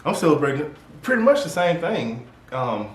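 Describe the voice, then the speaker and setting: A man co-hosting a podcast, relaxed and tired, telling casual family stories with laughs. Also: a little high, moderate pace. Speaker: podcast co-host. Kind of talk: casual storytelling. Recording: echoey room, from a distance, faint noise.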